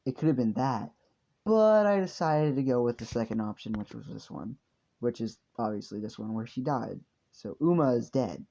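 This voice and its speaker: A man's voice: mid-range voice, lively intonation, normal speed, vocal fry, mellow. A man telling a fan story casually, rambling and swearing with lots of fillers. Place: hot room indoors. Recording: dull lo-fi home recording.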